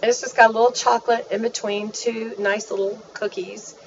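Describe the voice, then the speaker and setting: A woman's voice: a little high, flat delivery, brisk, distant mic, a little hiss or hum. Woman vlogger, chatty and gushing, mic set back, dull lo-fi sound. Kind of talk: casual chat. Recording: dull, faint, off-mic home recording.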